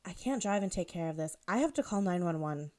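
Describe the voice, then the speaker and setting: Woman voicing an angry frightened young woman, sharp, urgent, audio fiction reading. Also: lowish voice, expressive, a little fast, close to an everyday voice. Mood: tense. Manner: sharp and urgent, then muttering.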